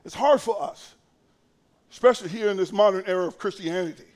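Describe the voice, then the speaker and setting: Very high-voiced impassioned male pastor. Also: brisk. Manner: impassioned preaching that swings between hushed and shouted. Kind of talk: sermon.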